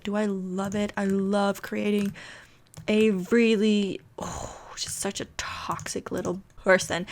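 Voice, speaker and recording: A woman casually narrating a life-sim game story, chatty and giggly, with dramatic asides. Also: mid-range voice. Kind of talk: casual let's-play storytelling.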